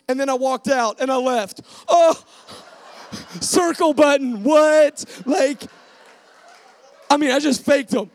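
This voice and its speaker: A young man giving a church testimony to a live audience, animated and full of fillers, acting out bits of dialogue. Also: very high-pitched, normal speed, vocal fry. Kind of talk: sermon testimony storytelling.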